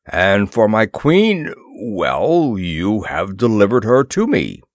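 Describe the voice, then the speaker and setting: A man voicing a grim, imperious male king who speaks slowly and heavily, with a booming laugh. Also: sing-song, no room sound, clean studio sound, heavily acted. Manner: slow, heavy, commanding.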